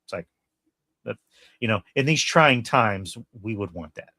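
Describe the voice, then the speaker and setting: Male podcast host, lowish voice, dry close mic, loose and rambling. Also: expressive, measured pace, sharp tone, no echo. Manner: rambling, many fillers and restarts. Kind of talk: casual podcast chat.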